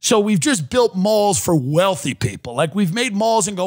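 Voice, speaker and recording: High-voiced guy ranting sarcastic on his podcast, dry close sound, big swings in pitch. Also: sing-song, normal speed, hardly any pauses, no echo. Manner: sardonic ranting, mocking voices. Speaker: podcast host. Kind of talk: comedic monologue.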